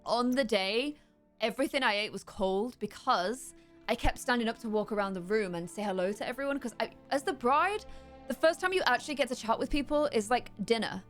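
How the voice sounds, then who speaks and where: Chatty young woman, high voice. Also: a little fast. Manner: chatty, bursts into high excited squeals. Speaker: gameplay streamer. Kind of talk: casual chat over gameplay. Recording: faint music in background.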